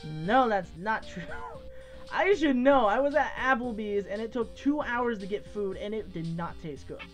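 A woman's voice: medium pitch, expressive, unhurried, soft background music. A young woman giving casual gameplay commentary, giggling, exclaiming, and reading game text aloud. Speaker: let's play host.

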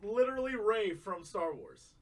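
A man's voice: high voice, expressive, moderate pace. A man popping in from across the room with pushy, joking requests.

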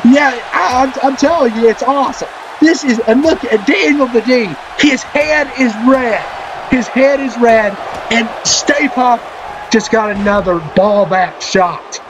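A man who is a parent, commentating a wrestling video game with excitement, often shouting and cheering. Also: very high voice, unhurried, crowd noise, noisy background. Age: adult, a parent. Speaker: gaming channel host. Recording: loud game music underneath.

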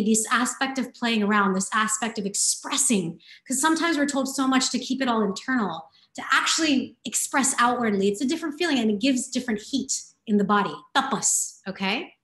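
A woman dance instructor leading a guided movement exercise over a video class, narrating slowly step by step with coaching asides. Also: high-pitched. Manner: slow guiding narration in first person, warm coaching asides. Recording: very echoey room.

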